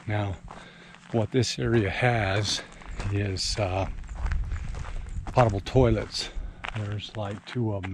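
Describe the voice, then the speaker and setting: Older man rambling on a hike. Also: on the low side. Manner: rambling, relaxed, with many pauses. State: a little out of breath. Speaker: RV travel vlogger. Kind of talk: casual walking vlog. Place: outdoors on a mountain campground hillside. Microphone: handheld camera while walking. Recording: outdoor wind and ambient noise.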